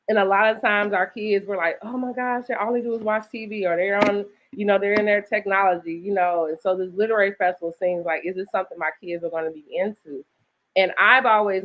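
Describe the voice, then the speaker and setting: An upbeat woman host chats about a book festival, often tossing in "right?" as she goes. She has a slight lisp, and her voice sits at a middle pitch on dull lo-fi audio. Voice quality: slight lisp from dental aligners. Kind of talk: casual promotional chat.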